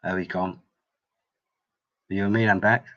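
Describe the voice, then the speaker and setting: A man's voice: sits low, little pitch movement, a little slow, no echo, lo-fi sound. A man hosting a casual live video chat, chummy and teasing in short remarks.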